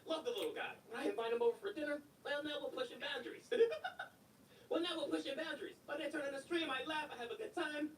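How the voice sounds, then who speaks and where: A man streaming live and reacting with profane, excitable commentary, laughing loudly between remarks. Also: very high voice, fast talker, roomy sound, distant mic, a little hiss or hum, poor audio.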